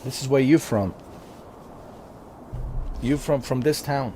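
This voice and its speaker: A man's voice: mid-range voice, takes it slowly, background noise. Joking Slavic-accented man streaming a game. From Slavic country. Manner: joking, rambling, lots of fillers. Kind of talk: casual gameplay livestream commentary. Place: living in America.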